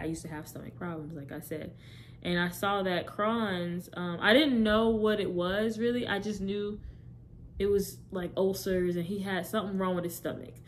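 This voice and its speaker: A young woman with a fairly low voice shares her personal testimony directly with viewers, rambling and correcting herself along the way. There's a little hiss or hum in the recording.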